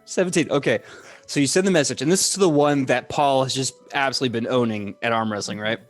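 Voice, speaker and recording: A man's voice: mid-range voice, faint music behind. A man narrating a tabletop game as game master, telling the scene with energy. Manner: animated, laughing, quick storytelling.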